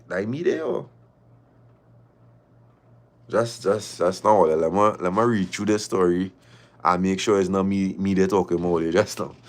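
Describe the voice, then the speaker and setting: A man hosting a livestream, reading viewer stories aloud and reacting with laughter and repeated phrases. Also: mid-range voice. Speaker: livestream host.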